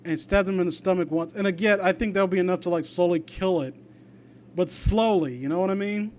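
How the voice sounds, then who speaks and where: A man's voice: high voice, fairly quick, slight background noise. A young man reading fan fiction aloud and breaking off into rambling, sarcastic commentary. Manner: rambling, sarcastic asides, trails off.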